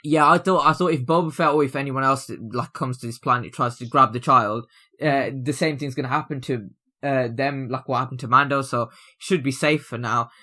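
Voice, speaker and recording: A man's voice: mid-range voice, fairly even intonation, brisk, bright, forceful tone. A man co-hosting a casual review chat, rambling with many fillers and restarts. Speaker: review show co-host.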